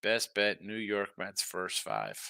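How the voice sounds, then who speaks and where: A man hosting a sports betting show, chatting casually and reacting to viewer comments in a lively, tired-but-animated way. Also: on the low side, slow pace, vocal fry, clear, resonant tone, no room sound, studio quality. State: tired, yawning. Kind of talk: casual betting talk reading chat.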